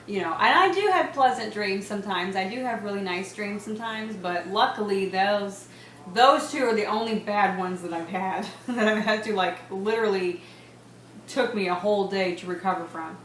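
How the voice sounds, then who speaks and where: A woman's voice: medium pitch, a bit bright. A woman in her thirties chatting casually in a rambling home vlog, laughing often and using lots of fillers. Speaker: vlogger. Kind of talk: casual pregnancy update vlog. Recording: echoey room with faint ambient noise.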